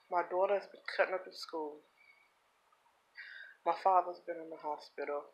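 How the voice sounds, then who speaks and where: A woman speaking in a personal confessional vlog, earnest and heartfelt, holding back tears, with halting repeats. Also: fairly low pitch, sharp tone, poor audio. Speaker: vlogger.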